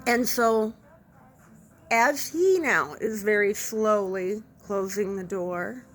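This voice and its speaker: A woman nurse casually telling a funny work story to camera, animated and self-deprecating. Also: medium pitch, slow pace. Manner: animated anecdote, self-deprecating, laughs through it.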